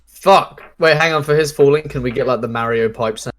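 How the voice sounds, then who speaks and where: A man playing a tabletop game in casual chat, excitable, swearing and laughing often. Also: medium pitch, brisk. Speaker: player.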